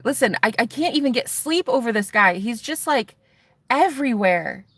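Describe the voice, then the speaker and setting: A woman's voice: on the high side, expressive, moderate pace, a bit bright, breathy edge, no room sound. A woman vlogging in a casual confessional chat, rambling and chatty with lots of fillers. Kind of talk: casual confessional vlog talk.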